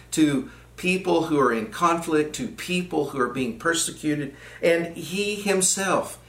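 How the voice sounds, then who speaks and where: A man's voice: on the high side, fairly bright tone. A man leading a Bible study, reading verses aloud and explaining them, often repeating phrases for emphasis. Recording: echoey room.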